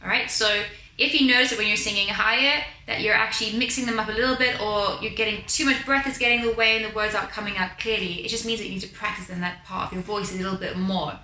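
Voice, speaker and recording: A woman's voice: mid-range voice, fairly even intonation, fast, pushed and bright, slight background noise. A woman as a vocal coach leading a beginner singing lesson, demonstrating exercises and overpronouncing her words. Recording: roomy with piano behind.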